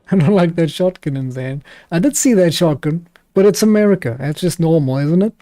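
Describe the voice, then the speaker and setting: A South African man streams a game in a chatty, joking way and laughs often. His voice is mellow and sits a little high. The sound is dry and close to the mic. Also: lively intonation, normal speed, no echo. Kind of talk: casual gameplay commentary.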